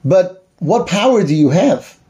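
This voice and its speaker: A scornful, boasting royal envoy with a high, mellow voice, as a male teacher puts him on. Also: sing-song, measured pace, muffled recording. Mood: taunting. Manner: taunting, boastful. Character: arrogant male royal envoy, mocking and threatening.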